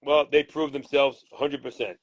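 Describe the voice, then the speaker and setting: A man's voice: mid-range voice, flat delivery, moderate pace, dry recording, dull audio. A man, a boxing manager, answering interview questions in a blunt, combative way and swearing freely.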